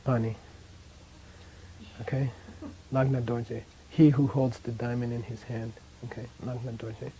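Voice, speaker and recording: A man's voice: medium pitch, a little slow, long pauses, a little hiss or hum, low-quality recording. A middle-aged man teaching a language class in a casual way, often checking in with his students. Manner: relaxed, casual, checks in with "okay?".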